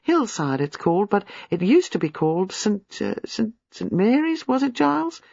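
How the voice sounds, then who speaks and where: A man reading a novel aloud, voicing a lively, inquisitive young woman in a raised tone. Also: sits high, moderate pace, gravelly, dry recording, voice pushed up, heavily acted. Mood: eager. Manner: bright, eager, rising tone. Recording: slightly muffled, dry.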